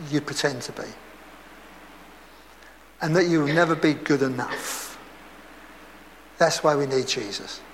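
High-voiced Essex preacher in a reverberant hall. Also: male voice. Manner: lively storytelling, laughs and acts out quotes. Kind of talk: sermon. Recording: echoey hall with faint background noise.

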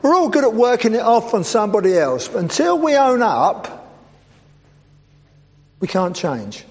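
Using a high, sing-song voice that swings widely in pitch, a male preacher delivers a funny sermon at a measured pace, teasing the congregation with playful asides. The audio carries a long church reverb and a faint hum in the background.

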